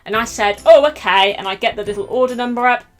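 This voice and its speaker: A young woman chatting through a storytime vlog, animated and laughing often as she acts out the quotes. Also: on the high side, quick pace, faint music behind. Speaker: YouTuber telling a story. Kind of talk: casual storytime chat.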